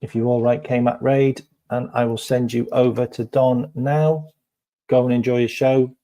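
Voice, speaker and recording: A male stream host talking casually to his viewers in an unhurried way. His voice is dark and relaxed, and he keeps repeating himself and filling gaps with ums. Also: mid-range voice. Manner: chatty, full of ums and repeated phrases. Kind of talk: casual live stream chat.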